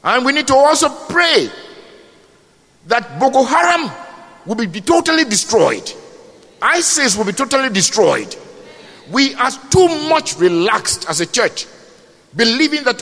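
A man preaching a sermon, rising to loud cries and dropping to low murmurs. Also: very animated, measured pace, pauses often, long reverb tail.

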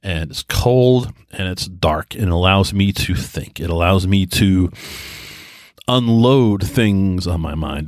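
A man's voice: sits low, no room sound, clean studio sound. A man in his thirties hosting a solo casual podcast from home, rambling and self-deprecating with many restarts. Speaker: podcast host. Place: quiet home.

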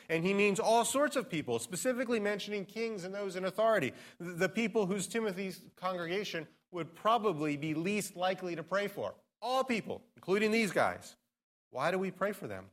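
Earnest pastor preaching a sermon. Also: male voice, high-pitched, lively intonation, moderate pace. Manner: earnest expository preaching, varied emphasis.

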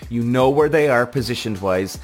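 A man's voice: medium pitch, fairly quick, soft background music. A man hosting a motorsport reaction vlog, ranting in a heated, profane, exasperated way. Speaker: F1 reaction show host.

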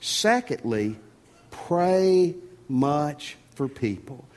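A man preaching a sermon as pastor, folksy and animated, often repeating words. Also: on the high side, extremely slow. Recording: long reverb of a church hall.

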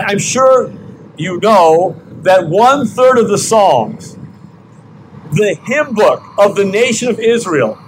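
An older man, a grandfather, preaching a sermon with slow, emphatic repeated questions. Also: sits high, a little hiss or hum, poor audio. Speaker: pastor. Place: outdoor parking lot service.

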